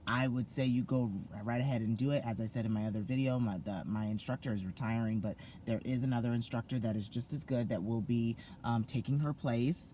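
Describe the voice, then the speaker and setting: A man's voice: mid-range voice, steady tone, a little fast, hardly any pauses, mellow, slight background noise. A young man vlogging to his viewers, gushing and effusive, full of fillers and restarts. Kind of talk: excited casual vlog to camera.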